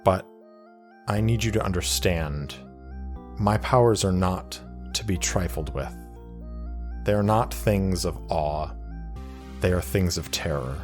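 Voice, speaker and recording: Man playing a guarded young psychic woman, soft-spoken, hesitant, deep voice, unhurried. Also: soft background music. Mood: ominous.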